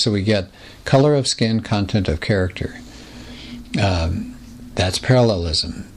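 Low-voiced man teaching a Bible lesson. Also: slightly rough. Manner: explanatory, asks rhetorical questions, reads scripture slowly.

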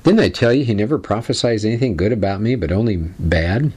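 A man's voice: fairly low pitch, big pitch swings, a little fast, a little mellow, breathy edge. A man reading aloud as a sulking old king who whines and complains. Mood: whiny. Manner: whiny, complaining. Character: whiny, sulking ancient king.

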